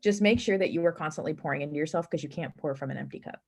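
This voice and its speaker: Earnest low-voiced woman giving advice. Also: racing, gravelly, breathy edge. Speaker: team leader on a call. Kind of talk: casual team video call. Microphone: video call.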